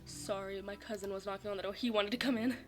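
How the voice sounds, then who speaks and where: A woman streaming a visual novel at home, reading the story aloud and reacting with excited cheers, giggles and rambling asides. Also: mid-range voice, quick pace, over music. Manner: rambling with frequent restarts and playful self-mockery.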